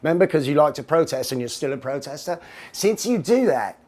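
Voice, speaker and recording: A man putting on a deliberately bad South African accent to mock a male comedian, lecturing and rambling in a condescending way. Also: on the high side, animated, a little mellow. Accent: bad put-on South African accent. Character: mocking impression of a male late-night comedian.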